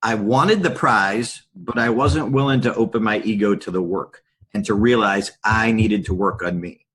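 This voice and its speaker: A middle-aged man, a podcast guest and public speaker, telling candid stories in a lively anecdotal way. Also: lowish voice, normal speed, slight background noise. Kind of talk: storytelling in a podcast interview.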